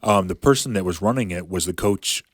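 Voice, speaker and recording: A man's voice: low-pitched, a little fast, breathy edge, no room sound, studio quality. A man in his thirties, a professional fighter, talking casually as a podcast guest and rambling with lots of filler words. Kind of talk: casual storytelling chat.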